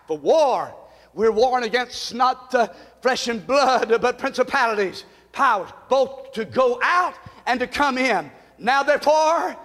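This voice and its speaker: A man preaching a fervent sermon as pastor, shouting and calling on the congregation to respond. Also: very high voice, big pitch swings, measured pace. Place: church sanctuary. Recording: long hall reverb.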